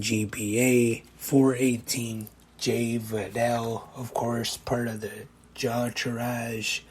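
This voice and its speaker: A man's voice: mid-range voice, a little hiss or hum, low-quality recording. A man hosting a podcast, reading out a ranked list with brief asides, and he is losing his voice a little. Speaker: podcast host.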